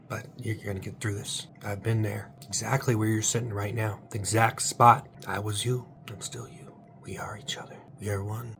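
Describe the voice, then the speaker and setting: A man hosting a late-night comedic monologue. He rambles in a mock-motivational, absurd way and swings between hushed whispers and loud, drawn-out exclamations. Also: fairly low pitch, little pitch movement, creaky, slight background noise. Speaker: channel host.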